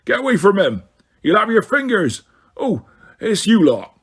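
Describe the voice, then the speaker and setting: A man voicing a huge, grumpy male gamekeeper who growls in rough dialect speech. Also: a little high, lively intonation, normal speed. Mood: roaring.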